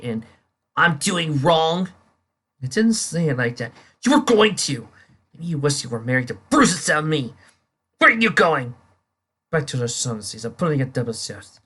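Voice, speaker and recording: A comic reader voicing a frustrated young wife who answers with bitter, cutting remarks. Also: female voice, rumbling low, lively intonation, moderate pace, a bit bright, breathy edge, heavily acted.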